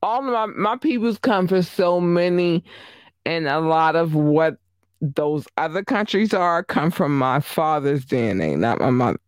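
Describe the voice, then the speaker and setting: A man giving a casual vlog monologue, animated and emphatic, often repeating himself. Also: a little high, measured pace, no echo, clean studio sound.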